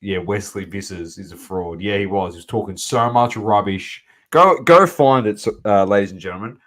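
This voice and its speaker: A man's voice: sits low, fairly even intonation, a little fast. An Australian man co-hosting a sports podcast, chatting casually in blunt, sweary slang. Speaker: podcast co-host.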